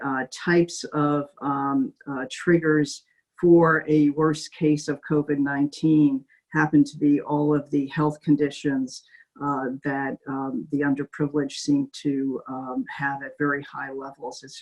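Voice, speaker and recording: A middle-aged woman hosting an interview, speaking haltingly with many fillers and restarts. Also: sits low, darkish tone, rough recording. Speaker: interviewer host. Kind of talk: video call interview.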